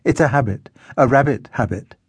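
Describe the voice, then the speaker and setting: A man's voice: medium pitch, moderate pace, breathy edge, no echo, natural voice. A male audiobook narrator voicing a playful man who cracks puns and quips. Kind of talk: audiobook character voice.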